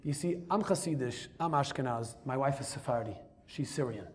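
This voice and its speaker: A man telling a personal story as a rabbi, lively and emphatic, dropping Hebrew and Yiddish terms into his English. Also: medium pitch, fairly quick. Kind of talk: storytelling talk.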